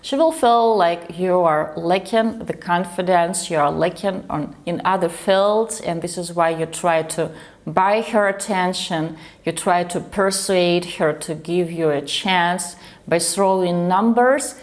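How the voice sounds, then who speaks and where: A woman's voice: on the low side, measured pace. A woman dating coach giving direct, emphatic advice, sometimes acting out sample lines in a livelier tone.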